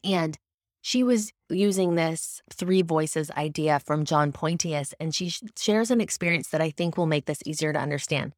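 Lady doing a faith talk, kinda low voice, earnest and explaining stuff, dry sound no room. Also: normal speed, no room sound. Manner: earnest, explanatory, with occasional restarts. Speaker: devotional speaker. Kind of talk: faith-based teaching talk.

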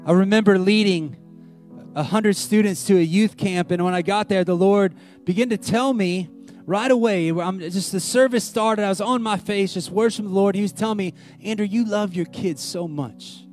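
A man, preaching a sermon, moving between loud, lively retelling and hushed, slow, tender lines. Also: high-pitched, soft background music. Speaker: pastor.

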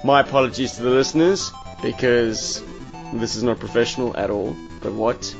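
A man hosts a casual podcast. He is tipsy and rambles in a wry, self-mocking way at a middle pitch. The audio is dull and lo-fi, with faint music behind him. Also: moderate pace, gravelly. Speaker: podcast host.

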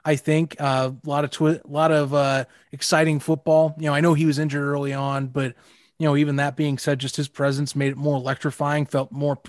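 A man's voice: a little high, little pitch movement, fairly quick, no room sound, clean studio sound. Hesitant man co-hosting a podcast. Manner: hesitant, many restarts and fillers. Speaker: podcast co-host. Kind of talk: casual sports podcast chat.

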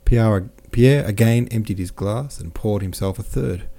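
A man reads a classic novel aloud in a measured, steady narration. His voice sits low and sounds very dark and mellow, with a relaxed, even delivery. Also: gravelly. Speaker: audiobook narrator.

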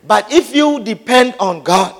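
Preaching with humor and energy, this man acts out small scenes, repeats key phrases, and keeps asking whether the audience follows him. He speaks in a high voice at a measured pace, captured with long hall reverb.

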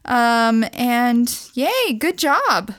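Woman podcast co-host, fairly high voice, playful and jokey, casual chat. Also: very animated, drawn-out words, a bit bright. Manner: playful, self-deprecating, laughs easily. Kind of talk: casual chat about entertainment news.

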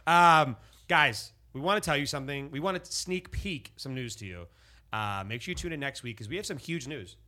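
A man's voice: medium pitch, animated, moderate pace, bright, forceful tone. A man hosting a podcast in casual chat, upbeat and hyped, repeating phrases for emphasis. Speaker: podcast host. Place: podcast studio.

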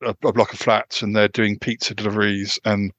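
A man with a fairly low voice hosts a casual podcast chat, stopping and restarting his sentences often. The sound is dull and lo-fi. The room is dry, with the mic close. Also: flat delivery, a bit bright, no echo. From United Kingdom. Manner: halting, many restarts and fillers. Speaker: podcast host.

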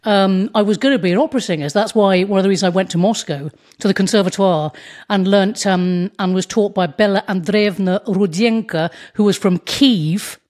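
A woman, a comedian, chatting as an interview guest, telling animated stories and slipping into put-on voices. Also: medium pitch, fairly quick. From England. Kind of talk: casual interview chat.

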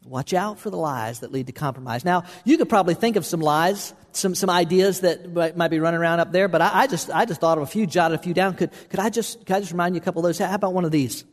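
Male pastor preaching, earnest, slightly high voice, long reverb in a big hall. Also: quick pace, few pauses. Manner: earnest, repetitive, restarts phrases for emphasis. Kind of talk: sermon.

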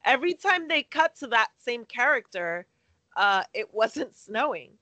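A woman's voice: on the high side, sing-song, unhurried, bright, forceful tone, no room sound, low-quality recording. A woman co-hosting a comedic movie podcast, speaking a little hesitantly with giggly asides. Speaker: podcast co-host. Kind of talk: casual comedic podcast chat.

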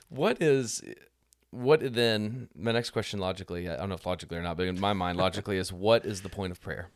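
A man with a fairly low voice hosts a casual faith podcast. He thinks aloud, hedges his views, and asks questions carefully. The sound is close and dry, with little room in it. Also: a little fast, no room sound. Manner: thoughtful questioner, hedging and gracious. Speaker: podcast host. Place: indoor room with guest.

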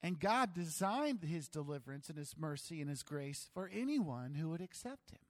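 A pastor preaches in a relaxed, chatty way and jokes at his own expense. His voice is a man's, pitched fairly high. The sanctuary adds a long, trailing reverb. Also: moderate pace. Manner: conversational, self-deprecating humor. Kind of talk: sermon.

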